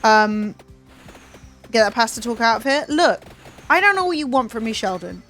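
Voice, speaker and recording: Animated woman streaming casually. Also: a little high, normal speed, faint music behind. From Southern Italian family. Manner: animated, swears freely, chats with her viewers. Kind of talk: casual livestream chat.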